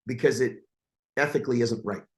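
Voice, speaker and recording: A man's voice: medium pitch, fairly quick, darkish tone. A man coaching others, talking in a brash, swearing, salesman manner in casual podcast chat.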